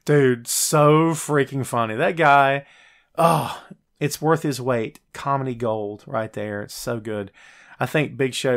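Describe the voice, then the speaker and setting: Chatty male wrestling show host. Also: fairly even intonation. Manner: chatty, jokey, addresses live viewers directly; puts on quick high voices when quoting wrestlers. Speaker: podcast host. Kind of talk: casual wrestling talk show.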